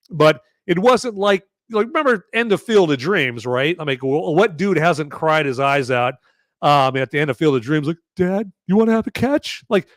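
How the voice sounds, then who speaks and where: Man, casual live-stream reviewer, slightly high voice, sarcastic, rambling fillers, dry close sound. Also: fairly bright tone, no echo. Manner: chatty, sarcastic, lots of fillers and "okay?". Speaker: podcast host reviewing a movie.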